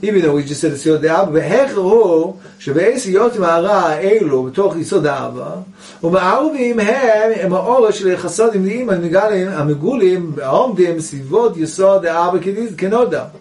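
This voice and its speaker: A man's voice: high voice, expressive, moderate pace, a little mellow. A man teaching a Kabbalah lesson, reading Hebrew passages aloud and explaining them in English, often asking rhetorical questions. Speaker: Torah teacher. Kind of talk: Kabbalah text study lesson. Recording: voice picked up from a distance.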